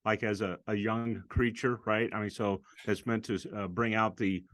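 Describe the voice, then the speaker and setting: A man's voice: lowish voice, steady tone, moderate pace, fairly bright tone, no echo. A male podcast guest in a casual chat, tentative and searching for words.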